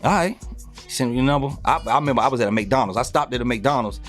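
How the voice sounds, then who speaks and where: Man, middle-aged, podcast guest, animated casual storytelling, mid-pitched voice. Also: rapid-fire, soft background music. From North Carolina, US. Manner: animated, swears freely, many fillers and restarts.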